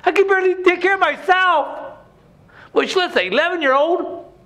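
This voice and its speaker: An actor playing a grown man reliving his abusive childhood in a theatrical stage monologue, swinging between hushed and shouting. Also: very high voice, normal speed, heavily acted. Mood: haunted. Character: grown man, former abused son, intense and haunted.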